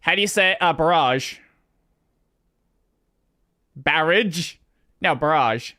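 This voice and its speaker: An Australian man hosting a casual gaming stream, animated and swearing freely as he toys with pronunciations. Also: a little high, slow pace. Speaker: streamer host.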